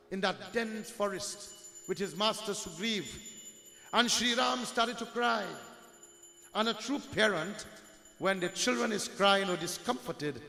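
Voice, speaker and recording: A man's voice: sits high, gravelly, bright, forceful tone. A man telling a devotional story as a sermon, calling listeners his dear friends and mixing in Hindi devotional words. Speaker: religious storyteller. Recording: echoey hall with long reverb.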